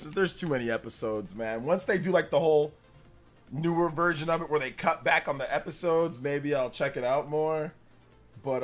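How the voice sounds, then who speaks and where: On a live stream, a young man chats casually and animatedly, laughing a lot and slipping into high-pitched character voices.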